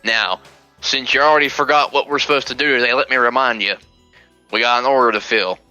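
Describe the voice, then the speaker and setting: A man's voice: medium pitch, fairly even intonation, a little fast, bright, forceful tone, no room sound, dull audio, faint music behind. A man voicing a grumpy, bossy old male halfling merchant who barks orders and curses. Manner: barking, bossy, cursing.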